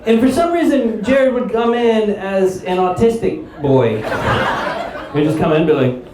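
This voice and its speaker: A man doing a stand-up comedy set, telling a story in an animated way and laughing through his lines. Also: sits high, moderate pace, noisy background. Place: live comedy stage. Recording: roomy live venue with crowd. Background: audience laughter.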